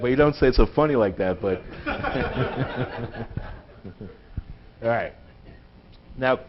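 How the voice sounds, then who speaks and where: A man giving a live lecture to a group in a synagogue, chatty and joking, laughing at his own puns. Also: mid-range voice. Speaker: guest lecturer. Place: synagogue hall. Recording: dull lo-fi phone recording.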